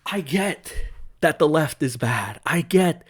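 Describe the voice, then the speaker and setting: A man's voice: fairly high pitch, animated, takes it slowly, breathy edge. A young man giving a profane, sarcastic rant, reacting to social media posts as a commentary streamer. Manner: profane, sarcastic, mocking voices of others.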